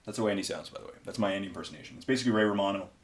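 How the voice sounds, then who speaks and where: A man's voice: on the low side, racing. A man hosting a hobby painting video, chatting casually and rambling with many fillers while he paints miniatures.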